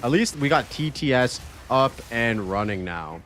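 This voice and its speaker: A man streaming a game live, chatting casually, reading chat aloud and swearing freely in loose, excitable talk. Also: mid-range voice, measured pace, slight background noise.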